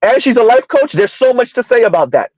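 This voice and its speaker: A South Florida commentary channel host with an extremely high, slightly mellow voice full of big pitch swings hosts a reaction commentary. He's emphatic and sarcastic, drawing out words and repeating them for effect, and frequently throws in a rhetorical "huh?". The recording is dry with the highs cut off.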